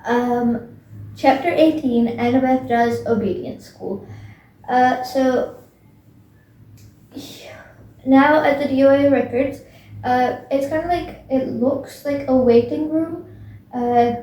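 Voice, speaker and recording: A woman's voice: high voice, fairly even intonation, measured pace, dark tone. A young woman casually retelling a book's plot, rambling with many fillers and restarts. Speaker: book recap vlogger. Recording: echoey room, voice from a distance.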